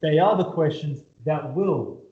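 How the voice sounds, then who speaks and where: A man tutors a maths class in a relaxed, chatty way, often pausing to ask if everyone is following. His voice sits a little high for a man. The recording is roomy and dull, as if made in an echoey classroom on a modest mic. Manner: casual, checks in with students often. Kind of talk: classroom lesson. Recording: echoey room, dull lo-fi sound.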